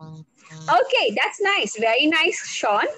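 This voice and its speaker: A woman teaching on a video call, slow and deliberate, spelling out words letter by letter. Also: sits high, huge pitch swings, bright, forceful tone, poor audio. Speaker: English language trainer. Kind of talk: online speaking workshop.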